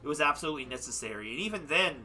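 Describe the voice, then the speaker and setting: A young man with a very bright, fairly high voice talks loosely into a desk mic, rambling and poking fun at himself. He sounds worn out after a long stream, and soft game music plays faintly behind him. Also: animated, very fast. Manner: chatty, rambling, self-deprecating. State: tired. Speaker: livestreamer. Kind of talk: casual chat wrapping up a game stream.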